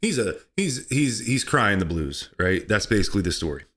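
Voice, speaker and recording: A man hosting a comedy podcast, talking sarcastically and excitably, laughing at his own jokes. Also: lowish voice, moderate pace. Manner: sarcastic, excitable, mock-outraged asides. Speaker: podcast host.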